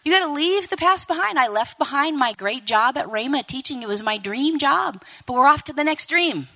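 A woman in her fifties preaching a lively sermon to a congregation, addressing them directly and acting out quoted voices. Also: high voice, normal speed. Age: 50s. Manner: animated, talks to the congregation, acts out quoted voices.

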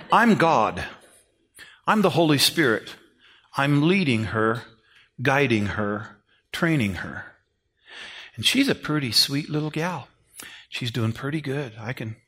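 A middle-aged man preaching a sermon in a folksy, animated storytelling way. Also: mid-range voice. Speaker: pastor.

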